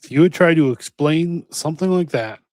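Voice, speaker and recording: A man's voice: a little high, a little fast, a little mellow, dry recording, studio quality. A man co-hosting a podcast in casual chat, making wry, joking asides. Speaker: podcast co-host.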